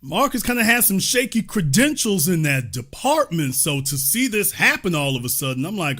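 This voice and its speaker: A man with a bright, forward voice hosts a reaction commentary. His pitch swings widely as he mocks and needles the clips he plays. He keeps turning to his viewers with rhetorical questions. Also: very animated, fairly quick. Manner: mocking, rhetorical, talks straight to viewers. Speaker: commentary host.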